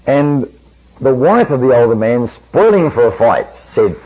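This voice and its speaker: A man's voice: medium pitch, big pitch swings, measured pace, slightly rough. A man preaching a sermon, telling a story in earnest and acting out the quoted dialogue. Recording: dull lo-fi old recording.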